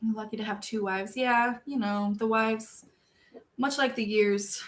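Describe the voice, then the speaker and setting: A young woman chatting casually with her viewers, self-deprecating and laughing often, jumping from loud outbursts to quiet mumbles. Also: on the high side, fairly even intonation, moderate pace. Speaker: streamer reading viewer chat. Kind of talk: casual chat.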